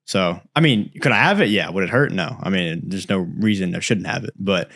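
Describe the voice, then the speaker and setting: Young man, lowish voice, dry close sound, easygoing podcast guest, laughs a lot. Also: fairly quick, creaky, fairly bright tone, no echo. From United States, Italian family. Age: young adult. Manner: easygoing, laughs often, earnest. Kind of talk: casual chat.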